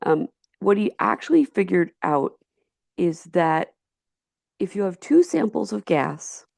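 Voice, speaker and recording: A low, gravelly woman's voice with a Yonkers accent talks through a chemistry lecture, close and dry with no room sound. She is chatty and digressive, stopping to restart her sentences as she goes. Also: big pitch swings, slow, darkish tone, dry recording. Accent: Yonkers, New York. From Yonkers, New York. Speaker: high school chemistry teacher. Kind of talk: recorded slideshow lecture.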